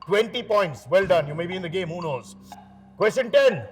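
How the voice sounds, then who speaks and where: A man's voice: high voice, lively intonation, normal speed, soft background music. A man hosting a quiz show, teasing the teams with joking asides between questions. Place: TV studio.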